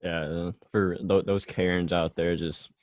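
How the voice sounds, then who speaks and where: A man's voice: sits low, fairly even intonation, a little slow, darkish tone, dry recording. A male podcast host in casual chat, brief and agreeable.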